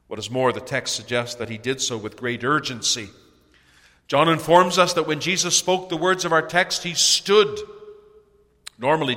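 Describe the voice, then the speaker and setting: A man preaching a sermon in an earnest way, his voice swelling to loud cries on key phrases. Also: mid-range voice. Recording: long hall reverb.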